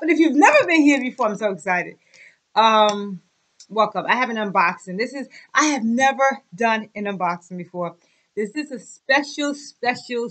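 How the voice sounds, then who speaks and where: A woman in her forties chatting excitedly and emotionally through a casual unboxing vlog. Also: a little high, low-quality recording. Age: 40s. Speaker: YouTube vlogger.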